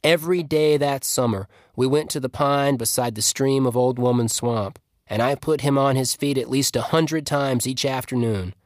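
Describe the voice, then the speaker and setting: A man reading a literary story aloud at a measured, reflective pace. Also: mid-range voice, dry recording, studio quality. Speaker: story reader.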